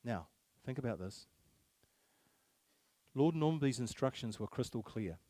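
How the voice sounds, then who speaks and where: A man's voice: medium pitch, expressive, a little slow, mellow, no room sound. A man giving a public speech to a live audience, emphatic, repeating key phrases and firing rhetorical questions at the crowd. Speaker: speaker at a public meeting.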